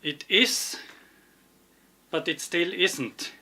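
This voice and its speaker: A man giving a casual, hesitant explanation while pointing things out on a map, often pausing to search for words. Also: high voice, bright, forceful tone. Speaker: video explainer.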